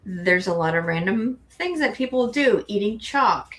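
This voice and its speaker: A woman's voice: mid-range voice, expressive, measured pace, fairly bright tone. A middle-aged woman co-hosting a tarot show, chatting casually and rambling with frequent restarts. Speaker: tarot co-host. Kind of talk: casual chat.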